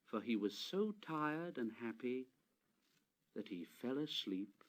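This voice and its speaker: A man reading a children's railway story aloud as narrator, expressive and gentle. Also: mid-range voice. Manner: expressive, slow read-aloud.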